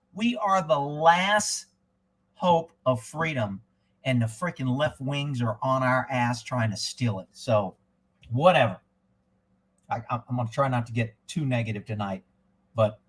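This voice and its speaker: High-voiced profane man ranting. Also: fairly bright tone, rough recording. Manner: folksy, profane, rambling, with drinking asides. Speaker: livestream host. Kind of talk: casual political rant.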